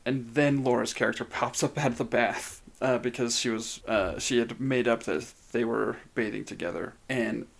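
A man's voice: mid-range voice, moderate pace, gravelly, few pauses. A man co-hosting a podcast, chatting casually and laughing often as he retells funny moments. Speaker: podcast co-host. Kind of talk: casual chat.

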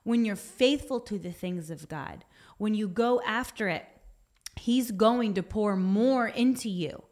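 A woman's voice: medium pitch, a little slow, a little mellow. A woman giving a devotional talk in an earnest, exhorting voice. She reads from her notes and speaks straight to her listeners. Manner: puts on a whiny voice for effect. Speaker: Christian speaker.

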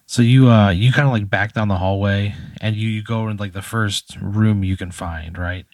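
A man's voice: fairly low pitch, fairly even intonation, normal speed, no echo. A man casually spinning an improvised scenario, rambling with lots of fillers and laughing at his own jokes. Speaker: host running an improvised scenario.

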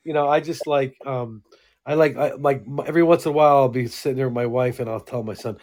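A middle-aged man with a voice of ordinary pitch chats on a podcast. He tells stories with animation and acts out what others said. His talk is relaxed and conversational. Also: fast. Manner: animated anecdote teller, acts out quotes. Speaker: podcast co-host. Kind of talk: casual comedic chat.

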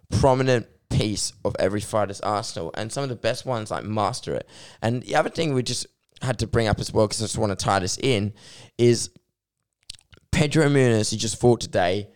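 A man's voice: lowish voice, clear, resonant tone. A man in casual sports chat, eager and piling up phrases as he builds his point. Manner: enthusiastic, stacks phrases with like and just.

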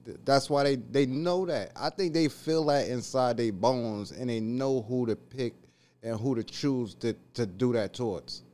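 A man who is a guest on a podcast, speaking in a halting, colloquial way with many restarts. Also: medium pitch, darkish tone. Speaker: podcast guest, predator catcher. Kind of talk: casual podcast conversation.

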